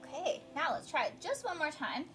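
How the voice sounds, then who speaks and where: A young woman with a high, light voice talks a student through a piano lesson. She explains things patiently, one step at a time, and keeps the student encouraged. Soft piano notes sit faintly behind her. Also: big pitch swings, brisk. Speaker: piano teacher.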